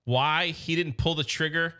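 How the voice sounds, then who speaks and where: Bright-voiced excited fan man. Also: on the high side, unhurried, smooth. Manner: enthusiastic fan, laughs and gushes, conversational fillers. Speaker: comic book recap host. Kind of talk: casual comic recap narration.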